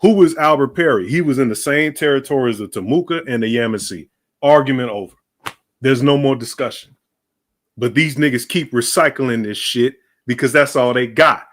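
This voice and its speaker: A man's voice: on the high side, fairly bright tone. A man hosting a heated, casual stream panel, talking bluntly and profanely and rambling.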